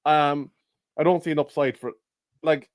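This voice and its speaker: A man co-hosting a casual football fan show, measured and analytical in his points. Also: a little high, fairly even intonation, no echo. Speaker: co-host.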